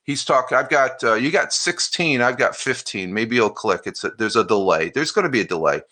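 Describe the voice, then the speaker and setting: A man's voice: medium pitch, animated, fairly quick, pushed and bright. An American man hosting a live stream, chatting casually, rambling and restarting as he reads out viewer comments. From United States.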